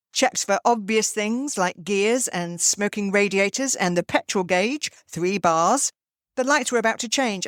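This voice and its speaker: Older woman, podcast host, animated storyteller, dry close-miked sound, middle pitch. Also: no echo. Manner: lively storyteller, acts out quoted voices. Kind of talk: storytelling monologue.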